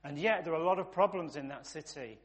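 A man delivers a sermon in an easy, conversational way, piling up points in long repeated lists. His voice sits somewhat high for a man. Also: fast. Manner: conversational, builds lists with emphatic repetition. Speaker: preacher.

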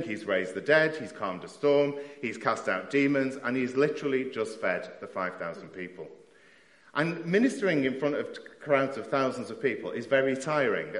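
A man preaching a sermon, telling stories with self-deprecating asides in a lively way. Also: medium pitch. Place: church hall. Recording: roomy church hall echo.

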